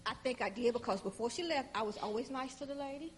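A woman telling a personal story in casual conversation, animated and acting out both sides of the exchanges, with informal speech. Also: a little high, fast.

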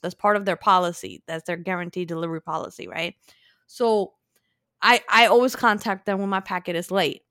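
A woman telling a story in casual chat, animated and acting out both sides. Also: lowish voice, brisk, no room sound, studio quality. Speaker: podcast co-host.

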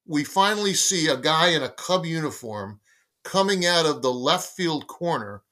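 A man in his sixties, a guest on a talk show, telling a long anecdote and acting out the dialogue of the people in it. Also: medium pitch. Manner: lively storyteller acting out dialogue. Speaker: guest, baseball magazine editor. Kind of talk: storytelling anecdote in conversation.

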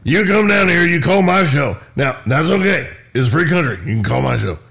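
A man's voice: a little high, animated, a little fast, vocal fry. A man doing a hot-headed ranting conspiracy radio host. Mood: angry ranting. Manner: ranting, repeats himself, laughing into shouts.

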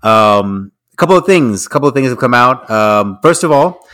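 A man's voice: medium pitch, lively intonation, normal speed, a bit bright. A man co-hosting a podcast, reading out the news in a rambling, hedging way with many restarts. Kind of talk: casual podcast chat.

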